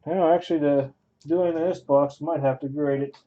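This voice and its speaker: A man with a slightly higher, mellow voice talks casually as he opens packs. He thinks aloud in loose, offhand running commentary. The sound is dull and lo-fi. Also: steady tone, moderate pace. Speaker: card break host. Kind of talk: casual card-opening commentary.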